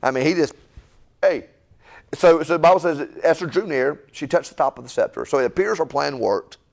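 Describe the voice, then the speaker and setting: A man's voice: on the high side, fairly quick, creaky. A middle-aged male pastor, teaching a conversational Bible-study sermon in a folksy, repetitive way. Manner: animated, folksy, repeats words and asks "right?".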